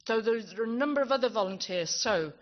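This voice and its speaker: A woman speaks fast in a high-leaning, expressive voice as she gives a live thank-you speech at a conference closing ceremony. Chatty and self-deprecating, she keeps stumbling over words. A handheld microphone captures her in a dull-sounding hall with the crowd in the background.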